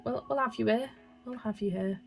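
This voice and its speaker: A young woman, chatting casually and excitably while colouring and answering comments, with music playing softly behind her. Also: fairly high pitch, fairly quick, creaky, poor audio. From England. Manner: chatty, excitable, laughs often. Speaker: colouring livestreamer.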